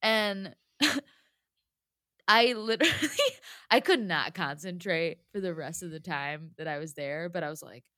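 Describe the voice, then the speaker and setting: A woman's voice: lowish voice, a little slow, pauses often, no echo, studio quality. A woman telling a personal story in a casual chat, with lots of "like" fillers. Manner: chatty, lots of "like", animated retelling.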